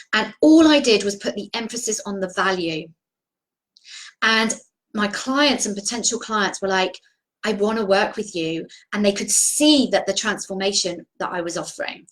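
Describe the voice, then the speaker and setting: A woman's voice: fairly high pitch, low-quality recording. Earnest woman coaching on a live stream. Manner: earnest, encouraging, repeats and restarts. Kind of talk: live video talk. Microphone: video call.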